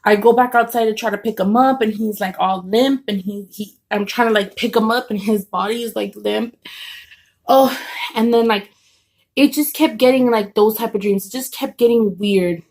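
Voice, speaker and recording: A woman's voice: a little high, normal speed, darkish tone. A woman telling a story casually at home, rambling with many fillers and restarts. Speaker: vlogger telling a story while eating.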